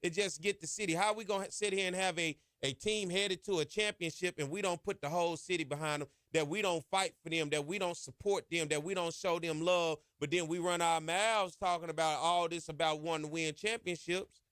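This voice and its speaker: Fired-up high-voiced podcast host. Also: male voice, steady tone, fairly quick, few pauses, a bit bright, clean tone, no echo, studio quality. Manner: emphatic, preachy, colloquial with "y'all" and "ain't". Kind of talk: impassioned sports podcast monologue.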